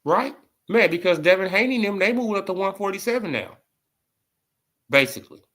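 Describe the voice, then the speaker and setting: A man's voice: high voice, expressive, a little fast, fairly bright tone. A man giving casual boxing commentary in an emphatic, repetitive, slangy way.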